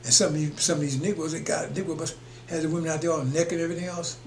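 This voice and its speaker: A man's voice: on the high side, steady tone, very fast. A man preaching on a broadcast in an emphatic, rambling way, chuckling between his points. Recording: echoey room with faint hum.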